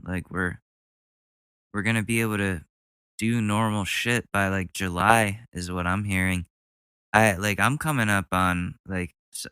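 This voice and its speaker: Podcast host, man, low smooth voice, unhurried, sarcastic asides. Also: pushed and bright, no echo, studio quality. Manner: sarcastic, rambling, mocks clips with silly voices. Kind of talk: casual comedic commentary. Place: home room.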